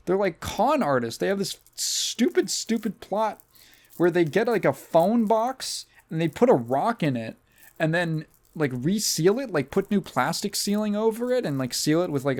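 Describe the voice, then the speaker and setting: A man hosting a casual podcast, recapping a movie with rambling sarcasm and plenty of swearing. His pitch swoops up and down constantly as he talks. The tone stays loose and conversational throughout. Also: darkish tone. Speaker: podcast host.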